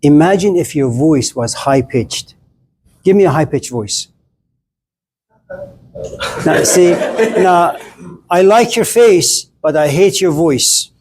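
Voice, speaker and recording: A man's voice: on the high side, lively intonation, slow, pauses often, darkish tone, slight background noise. A middle-aged man giving a casual, blunt classroom lecture on philosophy, chatting straight at his students and acting out little scenes.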